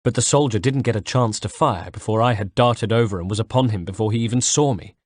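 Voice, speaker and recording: Man reading a first-person audiobook, low voice, dry close recording, measured and dramatic. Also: no room sound. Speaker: audiobook reader.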